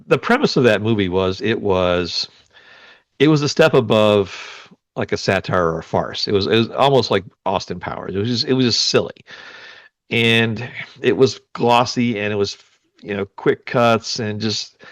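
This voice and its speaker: A male podcast co-host chats casually, coming across as opinionated, grumbling and sarcastic. His voice is on the low side, recorded with no echo.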